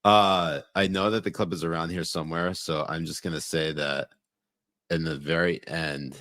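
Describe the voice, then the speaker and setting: A man's voice: a bass voice, steady tone, normal speed, sharp tone, no echo, clean studio sound. A man co-hosting a podcast, joking around in loose banter and often trailing off and restarting mid-sentence. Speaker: podcast co-host. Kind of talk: casual comedic banter.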